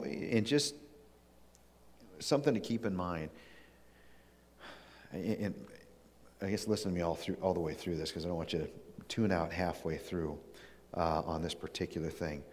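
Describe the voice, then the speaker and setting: Male preacher, very low voice, earnest storytelling, reverberant hall. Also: darkish tone. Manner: earnest, personal storytelling with frequent restarts. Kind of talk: sermon.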